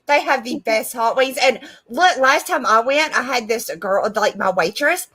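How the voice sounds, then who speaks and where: A woman's voice: a little high, animated, moderate pace, a bit bright, breathy edge. A woman co-hosting a casual podcast over a video call, reading viewer messages in a bubbly way. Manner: bubbly, reads messages aloud. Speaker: podcast co-host. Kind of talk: casual chat.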